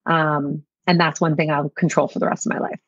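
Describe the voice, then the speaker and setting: Husky-voiced woman guest, earnest and animated. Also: low-pitched, brisk, no echo, muffled recording. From Greater Toronto Area, Canada. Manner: animated, earnest self-help talk. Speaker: podcast guest, entrepreneur. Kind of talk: casual conversational interview.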